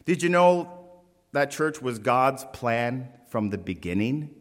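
A man preaching a sermon to his congregation, emphatic and deliberate, with friendly asides to the people in front of him. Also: medium pitch, very animated. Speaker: pastor. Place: church sanctuary. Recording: long reverb of a church hall.

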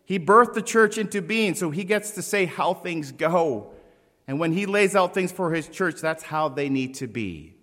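A man preaching a sermon to his congregation, emphatic and deliberate, with friendly asides to the people in front of him. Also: a little high, animated, a bit bright. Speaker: pastor. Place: church sanctuary. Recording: long reverb of a church hall.

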